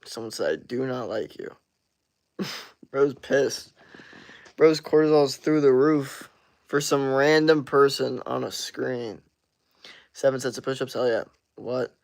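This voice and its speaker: A young man in his twenties talks casually to his livestream viewers. His voice is mid-pitched with a gravelly fry. He reacts loosely to chat and swears freely. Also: takes it slowly, long pauses, darkish tone. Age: 20s. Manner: laid-back, swears a lot, reacts to chat. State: just out of the shower.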